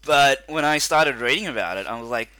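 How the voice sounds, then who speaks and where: A man co-hosting a casual chat, rambling and animated with lots of fillers. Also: medium pitch, a little fast, dry recording. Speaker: podcast co-host.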